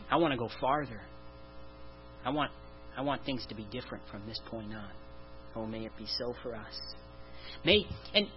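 A man preaching a sermon in an earnest way, asking the listeners question after question and sighing "oh" often. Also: mid-range voice. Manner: earnest, repeats rhetorical questions, sighs "oh". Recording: dull lo-fi recording with faint mains hum.

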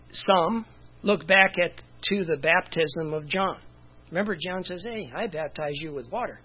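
A man's voice: on the high side, husky, highs cut off. A man preaching a casual, conversational sermon as pastor, with chuckles and asides.

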